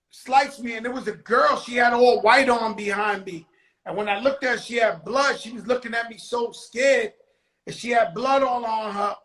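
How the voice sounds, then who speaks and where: A man with a very high, bright and forceful voice, hosting a casual chat. He talks excitedly in loose street slang and swears freely. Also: poor audio. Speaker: host.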